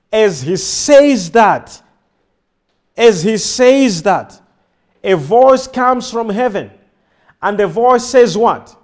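A man's voice: sits high, lively intonation, slow pace, darkish tone. A man preaching a sermon to a congregation, repeating his phrases and firing questions back at the crowd. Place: church before a congregation.

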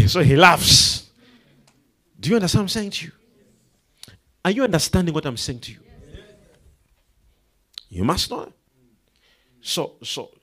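A man preaching a sermon, swinging between hushed asides and loud emphatic declarations, acting out the people in his stories. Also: a little high. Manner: quotes and acts out characters in the story, laughing.

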